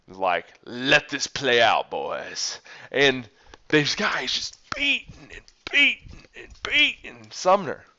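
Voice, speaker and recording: A man teaching history as a story, animated and dramatic, with big swings in loudness. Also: mid-range voice. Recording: dull lo-fi recording.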